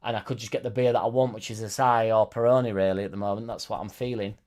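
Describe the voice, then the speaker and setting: A man's voice: fairly low pitch, fairly even intonation, quick pace, darkish tone. Sweary young man, casual chat. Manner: loose, sweary, joking banter. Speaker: host of a football fan live stream. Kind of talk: casual chat, reading live comments.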